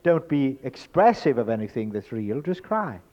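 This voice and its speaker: A man giving a spoken lecture in an emphatic, rhetorical way, swinging between loud stresses and hushed asides. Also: mid-range voice, big pitch swings, normal speed. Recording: dull lo-fi recording.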